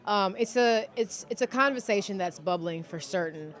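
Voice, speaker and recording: A woman hosting an interview podcast, talking in an animated, expressive way with many quick affirmations. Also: medium pitch. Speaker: podcast host. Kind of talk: interview conversation.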